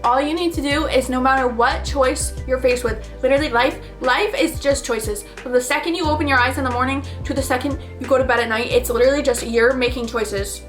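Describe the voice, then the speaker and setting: A woman in her twenties giving a casual motivational talk, chatty and animated, acting out little scenes and swearing freely. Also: high-pitched, fairly quick, hardly any pauses, soft background music. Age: 20s. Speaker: vlogger.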